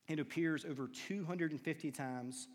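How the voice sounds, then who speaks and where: A man preaching a sermon, telling stories and acting out quoted lines with hushed and raised turns. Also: fairly high pitch, normal speed. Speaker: pastor. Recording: long hall reverb.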